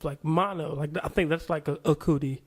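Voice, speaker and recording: A man's voice: on the high side, steady tone, brisk. A man co-hosting a comedy podcast in casual chat, speaking hesitantly with many fillers and frequent laughs. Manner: hesitant, lots of likes, laughs often. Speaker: podcast co-host.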